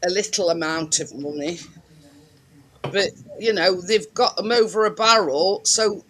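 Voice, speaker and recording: A man in casual group chat, speaking haltingly and repeating his words. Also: sits high, a bit bright, a little hiss or hum. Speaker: chat participant.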